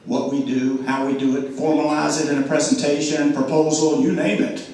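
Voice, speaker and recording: A man gives a lively sales talk to a club audience, throwing questions at the crowd. His slightly high voice carries through a very echoey room. He is picked up from a distance, with a little background hum. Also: moderate pace. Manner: animated, asks the audience questions, acts out quotes. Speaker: speaker at a club meeting.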